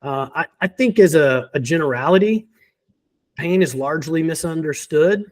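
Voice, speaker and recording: Man, slightly higher voice, explanatory and confident, interview guest. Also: animated, normal speed. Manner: explanatory, confident, laughs between points. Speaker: physical therapy guest. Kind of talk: conversational interview.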